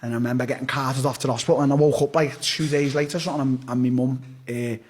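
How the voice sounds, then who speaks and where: On a podcast, a young male guest tells a casual story in a husky, medium-pitched voice, racing along with fairly even intonation. He rambles, speaks bluntly, swears freely and often starts his sentences over.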